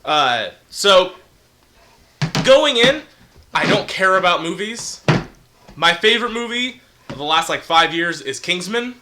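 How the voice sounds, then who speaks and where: A man with a high, very animated voice that leaps around as he talks. His tone is bright and sharp, and he puts on an exaggerated radio-host delivery. He swears constantly in a loose, casual chat about a movie. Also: a little slow, long pauses, a little hiss or hum.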